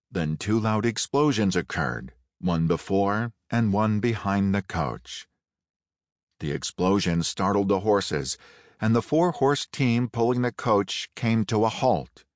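A man narrating a Western audiobook in a measured, unhurried storytelling manner. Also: on the low side, animated, no echo. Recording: dry close studio read.

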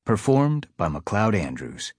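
A man narrating an audiobook, dramatic and hushed in the quiet passages, recorded close on a studio mic. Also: fairly low pitch, sing-song, unhurried, husky, dry recording. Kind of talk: scripted narration.

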